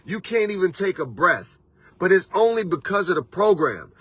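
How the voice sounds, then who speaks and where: A man's voice: high voice, big pitch swings, normal speed, fairly bright tone, slightly rough, no echo. A man hosting a motivational monologue, preachy and repetitive, with casual slang. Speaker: motivational host and life coach.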